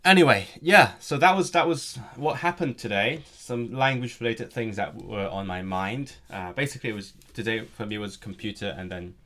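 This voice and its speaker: Casual rambling man, lowish voice. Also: normal speed, few pauses, bright, forceful tone. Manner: rambling, chatty, many restarts. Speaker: language streamer. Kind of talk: casual live-stream chat.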